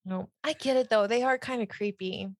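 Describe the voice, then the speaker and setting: A woman's voice: a little high, fairly quick, no echo. A woman in casual chat, talkative and reflective.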